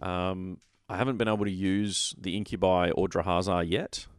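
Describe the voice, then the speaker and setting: A man with a very low voice talks through game rules in a loose, rambling way, restarting his sentences and weighing options aloud. He sounds opinionated but relaxed, as in casual hobby chat. The recording is dry and close, with no room sound. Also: normal speed, clear, resonant tone, dry recording. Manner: rambling, self-correcting, opinionated. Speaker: podcast co-host. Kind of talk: casual tabletop wargaming chat.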